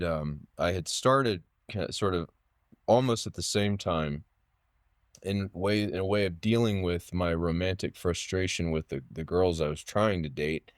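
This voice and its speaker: A man in his late thirties speaks as a podcast guest in a low, deep voice. He tells stories casually, circling back with restarts and fillers, recorded dry and close. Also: no room sound. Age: late 30s. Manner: rambling, full of restarts and fillers. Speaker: podcast guest, poet and writer. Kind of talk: casual interview storytelling.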